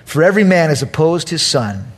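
Animated husky male pastor. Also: on the high side, a little fast. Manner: animated storyteller, acts out quotes loudly. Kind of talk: sermon with storytelling.

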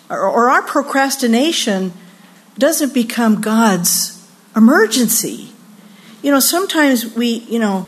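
An older woman preaching to a retreat crowd, her voice sitting a little high. She tells stories with lively energy and slips into the voices of the people in them. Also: breathy edge. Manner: lively storytelling, acting out quoted voices. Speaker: retreat speaker. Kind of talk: sermon.

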